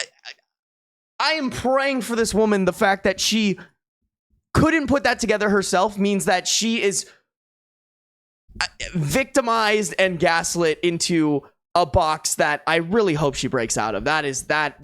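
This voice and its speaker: In clean studio sound without echo, a mid-range, fairly bright voice with lively intonation reads online posts at a measured pace. The streamer stays casual and slangy, says bro and dude, and breaks off between passages to react in exasperated disbelief.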